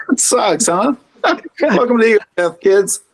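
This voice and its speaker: A man's voice: extremely high pitch, wildly swooping pitch, takes it slowly, a bit bright. A man as a podcast guest, chatting casually and animatedly about spirituality, swearing freely and mocking his own inner voice.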